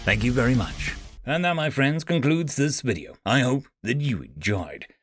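A man narrating a Reddit science fiction story as channel host, with expressive, dramatic delivery. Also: medium pitch, normal speed, faint music behind. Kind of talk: reading Reddit sci-fi story aloud.

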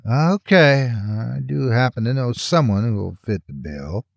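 Easygoing, ambitious young detective, read by a man, lively pitch, dry sound. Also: unhurried, creaky, dry recording.

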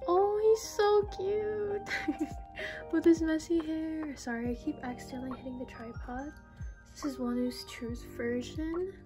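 High-voiced young woman, gushing vlogger opening mail, music underneath. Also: normal speed. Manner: excitable, gushing, breathy exclamations. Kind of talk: unboxing haul vlog. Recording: background music.

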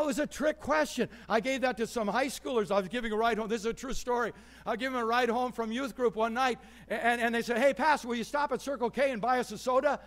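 A male pastor giving a sermon, telling stories with lively swings between loud and soft delivery. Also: sits high. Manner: animated storytelling with quick shifts in volume. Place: church.

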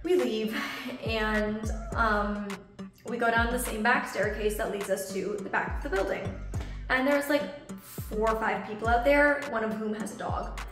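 A young woman vlogger telling a story in lively, animated detail, acting out what people said. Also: fairly high pitch, measured pace. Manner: animated storytelling, acts out quoted voices. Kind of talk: storytime vlog. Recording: echoey room with background music. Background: soft background music.

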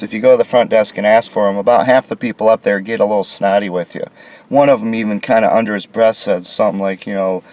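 A man's voice: on the low side, darkish tone, no room sound. A man from the United States walking through a small hotel room on camera, complaining with sarcasm and indignation. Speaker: vlogger reviewing a hotel room. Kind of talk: casual walkthrough narration.

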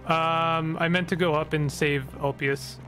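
A man's voice: fairly high pitch, level tone, measured pace, bright, forceful tone. A man giving casual, joking let's-play commentary, reacting aloud as he plays. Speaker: gaming streamer. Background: game music.

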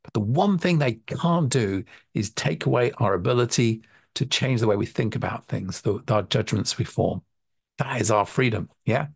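A man's voice: medium pitch, expressive, normal speed, creaky, husky, no room sound, studio quality. A man, a hypnotherapy college tutor, giving an earnest, reflective talk and thinking aloud with frequent restarts.

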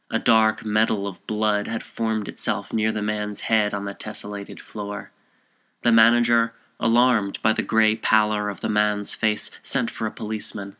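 A man reading a short story aloud as narrator in a measured, composed way. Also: lowish voice, sharp tone, clear, resonant tone.

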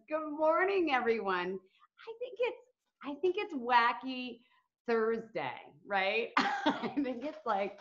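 A bubbly, giggly woman teacher chats her way through a virtual lesson for small children. Her voice is bright and a little high, and she talks slowly. The audio is dull and lo-fi, like a video call. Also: animated.

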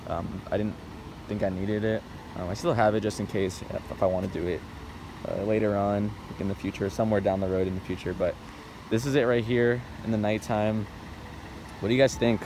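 A man talking casually and excitedly to the camera in a DIY vlog while working on his truck outdoors, often saying "dude" and "bro". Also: on the low side, a little fast, background noise. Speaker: DIY car vlogger.

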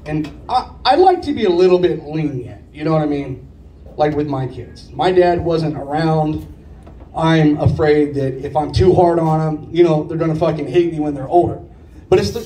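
Profane stand-up man, high voice, echoey. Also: mellow, a little hiss or hum. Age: 30s. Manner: profane, rambling conversational delivery. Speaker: stand-up comedian. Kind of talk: stand-up storytelling set. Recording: echoey room picked up from far off.

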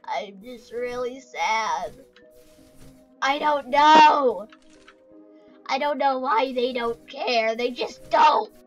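A sulking male animatronic bear who feels everyone has forgotten him, voiced by a performer. He talks slowly and high in a whiny, rambling, self-pitying way. His tone is bright, and faint music plays behind him. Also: fairly even intonation, highs cut off. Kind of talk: casual comedic skit.

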